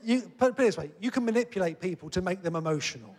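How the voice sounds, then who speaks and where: Earnest preacher in a reverberant hall. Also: male voice, high voice, lively intonation, fast talker, a little mellow. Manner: earnest, conversational preaching that rises to emphatic peaks. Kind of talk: sermon.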